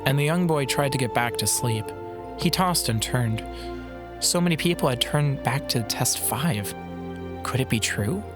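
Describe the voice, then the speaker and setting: A man narrating a fantasy audiobook in a measured, dramatic storytelling manner. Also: mid-range voice. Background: background music.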